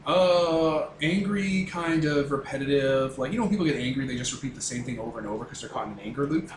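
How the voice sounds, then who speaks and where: A man narrates a tabletop game as game master. He rambles through his explanations with frequent fillers. His mid-pitched voice carries room echo, with background noise behind it. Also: fast. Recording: roomy echo, noisy background.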